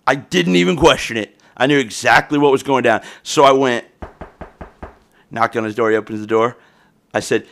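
A man's voice: medium pitch, expressive, brisk, a bit bright. A young adult man hosting a podcast, talking in a rambling, profane, slang-heavy casual rant, recorded on a phone. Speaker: podcast host.

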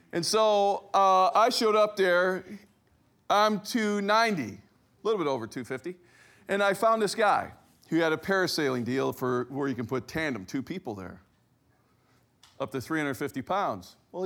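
A middle-aged man preaching a sermon, telling a personal story with lively acted-out quotes. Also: high-pitched. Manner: animated storyteller, acts out quoted voices. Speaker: pastor.

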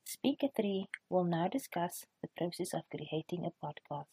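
A young woman with a South African accent, a student reading a prepared class podcast script in a measured way. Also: on the low side, animated, warm tone, husky, no room sound. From Cape Town, South Africa. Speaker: student presenter.

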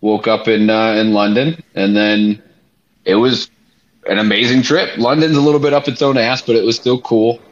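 Low-voiced young man telling a story. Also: normal speed. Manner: animated, swears freely, many fillers. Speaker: podcast co-host. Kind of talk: casual podcast storytelling. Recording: slightly muffled podcast audio.

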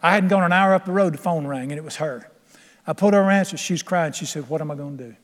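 A man's voice: on the high side, quick pace. A man, older, preaching a folksy, emphatic sermon and laughing along with his own stories. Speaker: pastor. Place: church sanctuary. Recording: long hall reverb.

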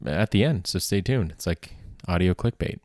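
A man with a very low voice hosting a comedy podcast alone. He rambles loosely, piling up filler words and restarts. The recording is dry and close. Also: expressive, normal speed, darkish tone, dry recording. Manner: rambling, heavy on filler words and self-corrections. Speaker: podcast host.

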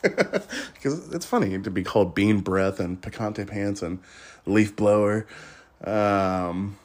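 A man in his thirties hosting a podcast, rambling casually in a blunt, crude way and laughing often. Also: on the low side. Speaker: podcast host.

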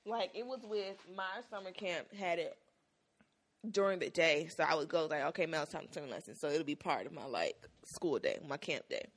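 A woman's voice: low-pitched, moderate pace. A young woman from South Miami telling stories in casual chat, acting out the voices of people she quotes. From South Miami, Florida. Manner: animated, acts out quoted voices.

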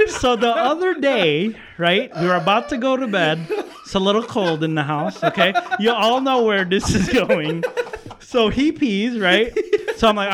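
A man's voice: high-pitched, lively intonation, moderate pace, background noise. A man in his thirties telling stories in casual chat, swearing freely and laughing through his punchlines.

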